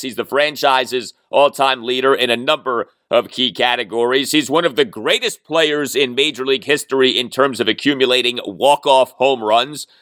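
A man hosting a sports podcast, talking solo with emphatic, animated delivery and sardonic asides. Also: a little high, dry recording, studio quality. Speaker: podcast host. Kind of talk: sports talk podcast monologue.

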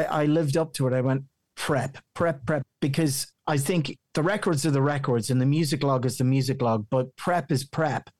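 A man's voice: fairly high pitch, no room sound, clean studio sound. A talkative Irish man who works in radio and voice-over, chatting freely as an interview guest. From Ireland. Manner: chatty, rambling, animated. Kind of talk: conversational interview.

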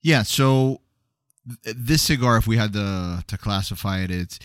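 A man co-hosting a cigar pairing show, explaining in a measured way with hesitant fillers. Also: fairly low pitch, fairly bright tone, smooth, no room sound, studio quality. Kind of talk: casual chat.

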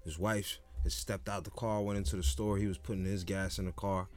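A man co-hosting a casual chat, relaxed and profane, who laughs often while telling stories. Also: sits low, a little fast. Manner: laid-back storyteller, swears freely, laughs often.

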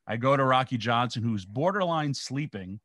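A man's voice: mid-range voice, animated, moderate pace, a bit bright, no echo, clean studio sound. A middle-aged man from New York, a former pro wrestler, telling rambling stories in a casual interview and acting out the quotes. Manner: rambling anecdotal, acts out quotes.

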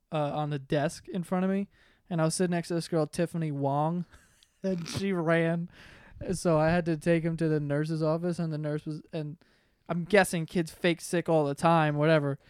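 A young man hosting a casual podcast with his siblings, telling crude, animated stories and laughing as he goes. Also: on the high side, moderate pace, clean tone, no echo, studio quality. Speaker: podcast host. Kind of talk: casual storytelling among siblings.

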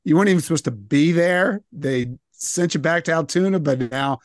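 A man hosting a talk-radio interview, his voice a little higher than most men's. He is playful and jokey, often laughing as he sets up questions. The sound is dry and close. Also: moderate pace, no echo. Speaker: radio show host.

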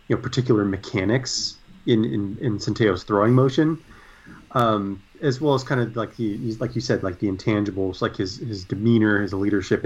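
A man co-hosting a casual sports talk show, speaking in a measured, thoughtful way and hedging his points. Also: medium pitch, husky. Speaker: sports podcast co-host. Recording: dull lo-fi sound.

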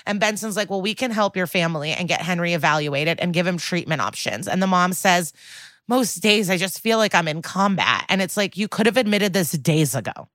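A woman's voice: on the low side, moderate pace, fairly bright tone, dry recording. A woman co-hosting a podcast, recapping a TV episode in a sarcastic, casual way and acting out the quoted lines. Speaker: podcast co-host.

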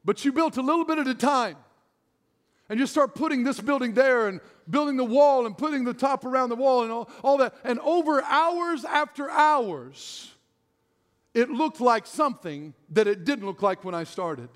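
This middle-aged pastor's very high voice has lively intonation and a moderate pace as he delivers a sermon. He laughs often and tells self-deprecating stories, recorded in a large church hall with long reverb.

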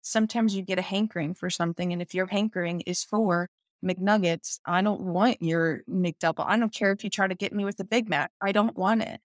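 Woman co-host, mid pitch, dry close mic, teasing quips. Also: fairly even intonation, a little fast, dry recording. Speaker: podcast co-host. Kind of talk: casual chat.

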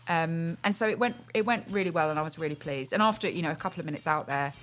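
A woman's voice: sits low, quick pace. A woman comedian as a radio guest, chatting casually in a jokey, self-mocking way.

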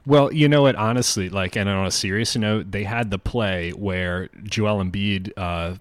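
A deep-voiced man breaking down plays. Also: no room sound. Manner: quick, filler-heavy breakdown of plays. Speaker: podcast host. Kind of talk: casual sports analysis.

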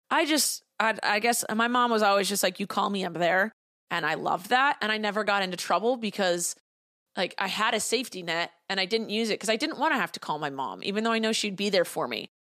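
A woman's voice: medium pitch, fairly bright tone, no room sound. Blunt, heated woman podcaster, dry sound. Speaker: podcast host. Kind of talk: solo podcast commentary.

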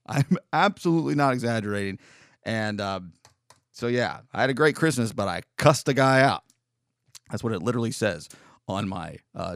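This podcast host's casual monologue is a long, rambling personal tale full of self-corrections, turning profane whenever he recounts what happened. He has a clear, resonant mid-range voice, captured in clean studio sound without any room echo.

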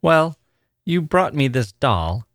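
A man's voice: fairly high pitch, sing-song, slow pace, a bit bright, no echo, clean studio sound, voice pushed up, full character voice. A man voicing an earnest little girl. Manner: eager, chattering child's voice.

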